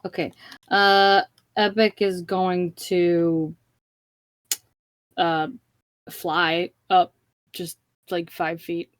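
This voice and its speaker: A woman with a lowish voice plays in a tabletop game. She speaks very slowly and haltingly, pausing on fillers as she decides her moves. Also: flat delivery, dry recording. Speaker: player. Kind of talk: casual tabletop play.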